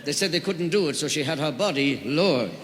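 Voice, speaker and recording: A man's voice: on the high side, animated, fairly quick, soft background music. A man telling jokes in a live stand-up comedy routine, a jovial storyteller who leans into his punchlines. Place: large hall with audience. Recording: live hall with echo and long reverb.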